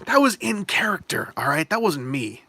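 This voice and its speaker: Bright-voiced, chatty male streamer. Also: high voice, sing-song, normal speed. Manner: rambling and chatty, answers viewer questions. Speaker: stream host. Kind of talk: casual live-stream chat about toys and trading cards.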